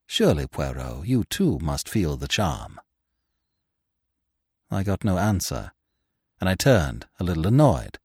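Male narrator, expressive story reading, animated intonation, dry close sound. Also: low-pitched, breathy edge, dry recording. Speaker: podcast narrator.

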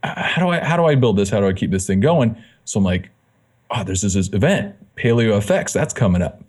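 A man's voice: fairly low pitch, a little fast, slightly rough. A man, a fitness magazine editor, telling his story as a guest in a casual interview, acting out the dialogue he quotes. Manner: animated, acts out quoted dialogue.

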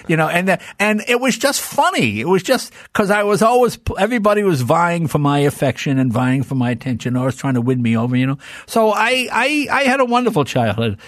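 An older man, a comedian guest, telling childhood stories in a lively way and acting out his relatives' voices. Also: fairly high pitch, fairly quick, hardly any pauses, no echo, clean studio sound. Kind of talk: animated storytelling with impressions.

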